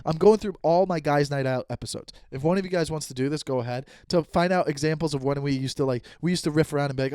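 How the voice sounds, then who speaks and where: A man's voice: on the high side, fast, a little mellow, no echo, clean studio sound. A man hosting his own podcast, telling a story in a heated, swearing way and acting out both sides of an argument. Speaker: podcast host and stand-up comedian. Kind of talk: casual solo podcast storytelling.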